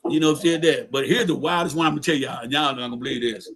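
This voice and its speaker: A man's voice: on the high side, fast, fairly bright tone. Profane streetwise man telling a story. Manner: streetwise, profane, repeats words. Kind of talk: casual storytelling.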